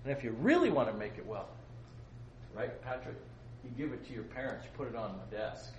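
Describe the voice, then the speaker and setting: A man's voice: mid-range voice, fairly quick, dull audio. Preacher guy joking w the youth, voice jumps all over, roomy hall, bit of hiss. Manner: animated, joking, swings between loud and soft. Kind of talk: sermon to a youth congregation. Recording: echoey room, faint room noise.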